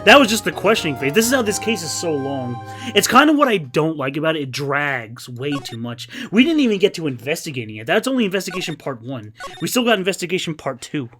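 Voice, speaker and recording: A man's voice: on the high side, very animated, fast talker, fairly bright tone, faint music behind. A man doing let's-play commentary, joking and swearing while reading every part aloud. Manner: profane, joking, reads all roles. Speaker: streamer.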